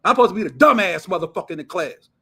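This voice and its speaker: A man hosting his own show, ranting casually in a loud, blunt, profane way with heavy slang. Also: high voice, expressive, rapid-fire, breathy edge. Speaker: show host.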